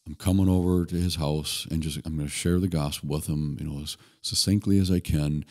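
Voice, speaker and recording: A man guest on a podcast, telling stories in an earnest, relaxed way with occasional restarts. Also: extremely low pitch, brisk. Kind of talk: conversational storytelling.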